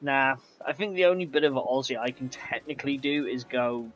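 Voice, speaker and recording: A man's voice: mid-range voice, fairly even intonation, moderate pace, fairly bright tone. A man gives loose, chatty commentary while playing a game live. He drifts from one thought to the next and answers his viewers along the way. The recording is a little muffled, with faint music in the background. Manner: chatty, rambling, answers chat aloud. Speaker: game streamer. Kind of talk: casual gameplay commentary.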